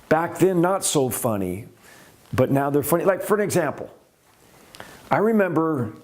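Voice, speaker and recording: A middle-aged man spins stunt stories in a loose, conversational way. His voice sits in an ordinary middle register. He gets animated and plays out the quoted people as the tale picks up. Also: mid-range voice. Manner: animated, acts out quoted voices, rising excitement. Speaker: host and stuntman telling stories. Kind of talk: casual storytelling.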